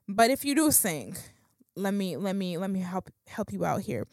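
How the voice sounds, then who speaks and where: A woman's voice: mid-range voice, big pitch swings, moderate pace, a little mellow, no room sound, clean studio sound. A woman giving a casual, conversational Bible talk, slangy and full of fillers and restarts. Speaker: Bible teacher.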